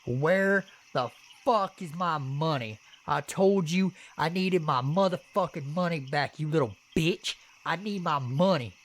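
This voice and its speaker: A man's voice: a little high, measured pace, hardly any pauses, pitched above the performer's own voice. A man voicing a drunk teenage boy who screams threats about money, in a spoken horror story. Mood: furious.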